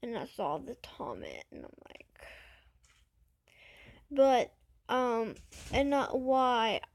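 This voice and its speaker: A woman's voice: a little high, big pitch swings, takes it slowly. A woman vlogger with a childlike, babyish voice, talking hesitantly and defensively to camera with many fillers. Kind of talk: casual talk to camera.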